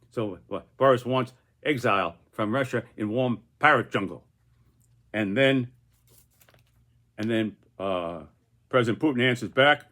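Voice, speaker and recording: A man's voice: lowish voice, a little slow, pauses often, a bit bright. An older man chatting casually on camera about his political cartoon. He rambles and keeps restarting his phrases over and over. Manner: rambling, many repeated restarts. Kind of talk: casual video commentary.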